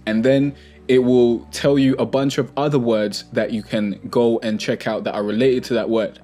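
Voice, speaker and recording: A young man hosting a music tutorial, explaining in a relaxed, chatty way and correcting himself as he goes. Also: medium pitch. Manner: relaxed, chatty, self-correcting, plugs own products.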